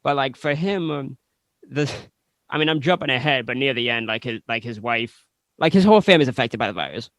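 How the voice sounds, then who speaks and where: A man's voice: medium pitch, expressive, fairly quick, fairly bright tone, no echo. A man co-hosting a casual podcast chat, blunt and opinionated, acting out characters' lines as he argues his point. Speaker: podcast co-host.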